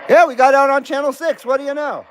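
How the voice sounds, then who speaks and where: A middle-aged man with a notably high speaking voice hosts a live CB radio stream from his home station. He keeps the chat casual, bantering and joking with whoever comes through. A faint hiss sits under his voice. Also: fairly even intonation, quick pace.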